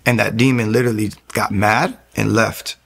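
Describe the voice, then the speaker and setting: Earnest man with a gravelly voice. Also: lowish voice, fairly even intonation, a bit bright. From New York area. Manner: earnest, emotional, halting with many restarts. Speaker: guest telling his testimony. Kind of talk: personal testimony storytelling.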